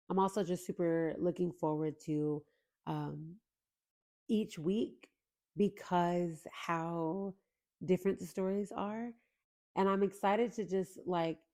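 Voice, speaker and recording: Opening her faith podcast, a young adult woman speaks earnestly and emotionally straight to her listeners. Her voice is warm, creaky, and fairly low in pitch.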